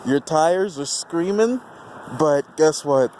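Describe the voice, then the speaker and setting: Giddy, slow-talking man outdoors at night. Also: a little high, animated, darkish tone, slight background noise. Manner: giddy, laughs often, swears freely. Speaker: vlogger filming a burnout. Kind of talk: excited casual commentary.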